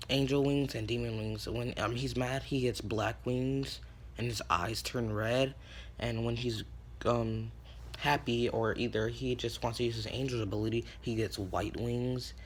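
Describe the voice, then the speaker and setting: A man's voice: medium pitch, creaky, slight background noise. A man telling an improvised fan story casually, rambling with many ums and correcting himself as he goes.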